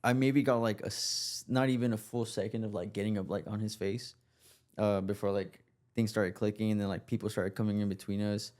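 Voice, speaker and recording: Low-voiced laid-back man. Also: steady tone, brisk, darkish tone. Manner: laid-back, slangy, says bro a lot. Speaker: podcast guest, photographer. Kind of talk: casual chat.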